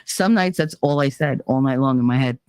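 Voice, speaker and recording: A woman's voice: rumbling low, brisk, darkish tone, clean tone, no room sound. Blunt, candid woman chatting on a live stream. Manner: candid, blunt and profane, with wry humor. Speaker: live-stream host reading viewer chat. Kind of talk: casual live-stream chat.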